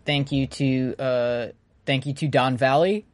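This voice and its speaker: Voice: medium pitch, fairly even intonation, a little slow. Rambling, jokey podcast co-host. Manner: rambling, jokey, self-interrupting. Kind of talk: casual chat.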